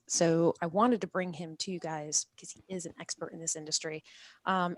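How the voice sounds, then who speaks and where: A woman's voice: fairly low pitch, no echo, studio quality. A woman hosting a live-streamed talk show, upbeat and talkative as she explains things to her audience. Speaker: host of a live industry show.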